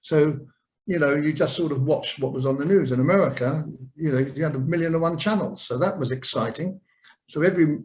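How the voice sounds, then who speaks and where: A man's voice: a little high, a little mellow, poor audio. An older man, a guest in an interview, telling long anecdotes with many fillers and restarts. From England. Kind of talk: storytelling interview.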